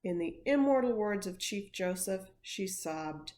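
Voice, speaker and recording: A woman, an education coordinator, reading a picture book aloud with expressive storytelling. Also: lowish voice, unhurried, hardly any pauses.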